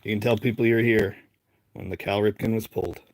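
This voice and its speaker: A man's voice: on the low side, fairly even intonation, brisk, no room sound. A man with a Boston accent hosting a casual live stream, chatting and rambling as he calls out names one after another. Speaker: live-stream host opening card packs.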